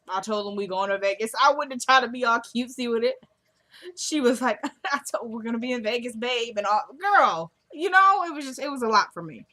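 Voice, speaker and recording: A woman vlogger casually recapping a TV drama episode in a slangy, animated storytelling way. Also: mid-range voice.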